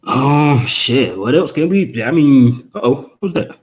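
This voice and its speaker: A man ranting on a casual live stream, profane and emphatic, firing off rhetorical questions in quick rambling bursts. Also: mid-range voice, animated, darkish tone. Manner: fast rambling outbursts.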